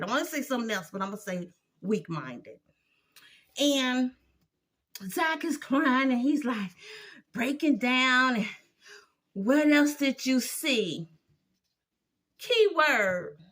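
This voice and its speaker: A woman's voice: a little high, a bit bright. A woman giving a blunt, opinionated recap of a TV episode, exasperated and sassy as she talks it through.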